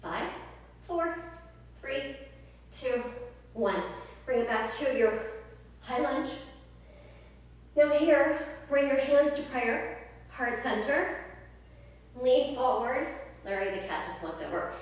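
Woman yoga teacher counting reps, kinda breathless n chatty, far from the mic in a boomy living room. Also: expressive, takes it slowly, pauses often. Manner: upbeat, chatty cueing with counting and tangents. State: slightly out of breath. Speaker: yoga instructor. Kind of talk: guided home workout livestream. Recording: very echoey room, distant mic, faint hiss.

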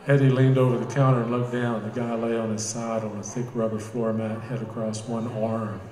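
A man reading his own novel aloud in steady, measured narration at a live bookstore cafe event. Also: medium pitch, crowd noise. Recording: roomy cafe with live guitar.

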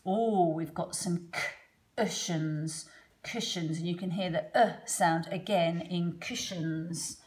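A woman teaching a children's phonics lesson from home, slowly sounding out letters one by one with patient encouragement. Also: lowish voice, a little mellow. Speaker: primary school teacher.

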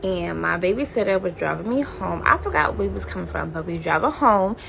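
A woman vlogger telling a childhood story in a casual, animated way, talking straight to her viewers. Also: fairly low pitch, fairly quick, creaky, background noise. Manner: animated, chatty, addresses viewers directly.

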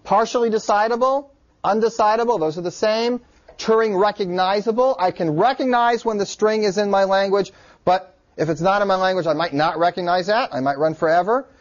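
A man teaching a computer science class in a relaxed, joking way. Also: high voice, brisk. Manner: relaxed and joking, with filler words. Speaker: lecturer. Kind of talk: classroom lecture. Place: lecture room. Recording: dull lo-fi classroom recording.

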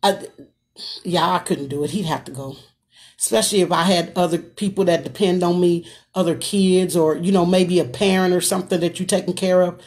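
A woman's voice: on the low side, fairly even intonation, fairly quick, darkish tone. A woman hosting a casual live stream from her phone, reading out viewer comments and answering them in a folksy, chatty way. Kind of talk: casual chat.

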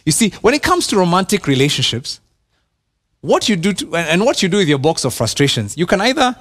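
Animated Kenyan man preaching a sermon. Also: high voice, a little fast. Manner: animated preaching, repeats words and drops to a hush for emphasis. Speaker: pastor. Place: church.

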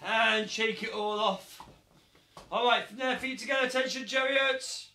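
A man teaching a live online taekwondo class for young children, upbeat and encouraging, loudly calling out counts. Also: extremely high pitch, fairly even intonation, a little slow. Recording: echoey room.

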